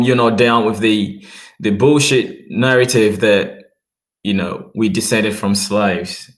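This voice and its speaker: A man's voice: medium pitch, echoey room. A man with a mixed Australian and British accent, rambling in a casual livestream chat as he talks to viewers.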